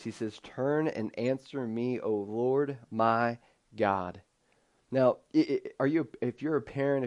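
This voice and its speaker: A man's voice: medium pitch, a little mellow. A man in his thirties preaching an earnest, conversational sermon, often restarting his sentences. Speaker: pastor.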